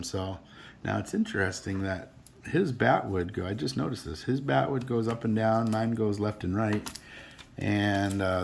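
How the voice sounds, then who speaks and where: A man's voice: on the low side, vocal fry, a bit bright, slight background noise. A middle-aged man chatting casually to camera about his collection, rambling and earnest with many restarts. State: emotional, teary. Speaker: card collector vlogger.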